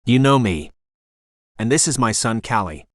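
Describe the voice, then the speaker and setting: A man voicing an energetic older woman innkeeper in her sixties with a faint Jamaican accent, reading an audiobook. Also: medium pitch, normal speed, dry recording, clean studio sound, natural voice. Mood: chatty.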